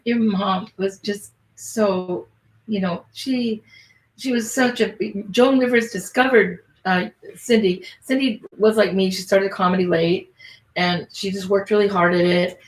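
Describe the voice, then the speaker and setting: A woman's voice: medium pitch, fairly even intonation, unhurried. A woman comedian hosting a podcast, telling rambling, profane stories in casual chat and restarting her sentences. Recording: echoey room.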